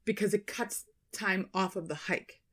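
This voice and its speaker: A woman co-hosting a podcast, telling a story in casual chat, animated and swearing as she quotes people. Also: medium pitch, measured pace. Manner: animated retelling, swearing, quoting people in their voices. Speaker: podcast co-host.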